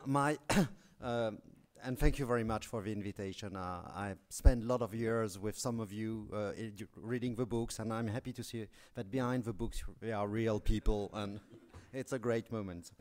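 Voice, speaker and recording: A man's voice: mid-range voice, darkish tone. A man with a French accent giving a conference talk, hesitant and apologetic, often restarting sentences. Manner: hesitant, many restarts and fillers; apologetic, self-deprecating humor. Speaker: academic speaker.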